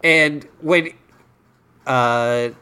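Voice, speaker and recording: A man's voice: mid-range voice, very slow, clean tone. A man co-hosting a podcast, chatting about a TV episode and mimicking the characters. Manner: relaxed, mimics characters in quoted asides. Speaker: podcast co-host. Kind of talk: casual chat recapping an episode.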